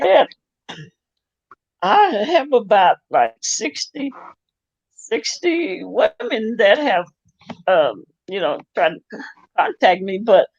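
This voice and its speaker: A man's voice: high voice, no echo. A man hosting a casual chat show, talking hesitantly with lots of giggling. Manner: giggly, hesitant, repeating himself. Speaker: show host. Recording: dull lo-fi sound.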